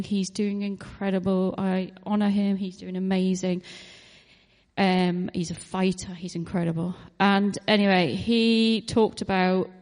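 A woman telling a testimony at church, hesitant and full of fillers, growing animated as she goes on. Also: mid-range voice, long reverb tail. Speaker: church member sharing a testimony. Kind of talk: spontaneous testimony. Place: church hall.

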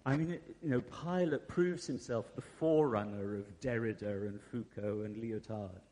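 A man preaching a sermon in a relaxed, conversational way, with fillers and asides to the congregation. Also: fairly low pitch, moderate pace. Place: church hall. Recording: long hall reverb.

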